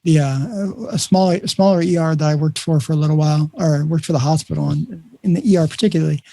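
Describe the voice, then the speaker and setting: A man hosts a conversational podcast with a gravelly, fairly high voice. He tells stories with energy and acts out the dialogue. The sound is dry, with no room around it. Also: fast talker, dry recording. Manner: animated storyteller, acts out dialogue. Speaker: podcast host. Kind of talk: conversational interview.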